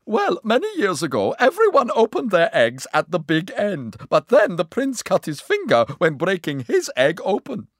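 A man's voice: sits high, wildly swooping pitch, moderate pace, few pauses, dry recording, clean studio sound, voice pushed up. A man voicing an anxious, fussy male court secretary in a storybook reading, pleading and urgent. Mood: worried.

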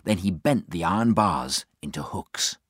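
A man narrating a children's storybook in a steady, expressive way. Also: deep voice, measured pace, slightly rough, no echo, studio quality, soft background music. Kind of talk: storybook reading.

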